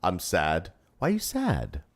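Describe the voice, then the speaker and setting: A man in his thirties chatting casually on a live stream as its host, rowdy and profane, teasing his chat and swinging between loud shouts and low mumbles. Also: huge pitch swings, measured pace. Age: 30s.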